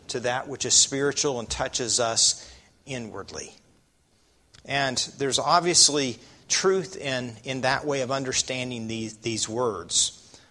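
Guy preaching a sermon, bright voice, keeps asking the crowd questions. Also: mid-range voice. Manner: asks the listeners rhetorical questions.

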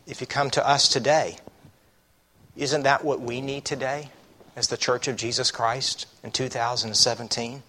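A man's voice: medium pitch, little pitch movement, normal speed, pushed and bright. A man preaching a sermon as a pastor, reading scripture aloud and asking the congregation rhetorical questions. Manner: reads scripture aloud with emphasis.

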